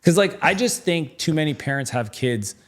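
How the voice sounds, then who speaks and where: A middle-aged man appears as a guest in a casual interview, telling stories in a chatty way. His voice is on the high side and expressive at a moderate pace, and he uses lots of fillers and acts out quoted dialogue.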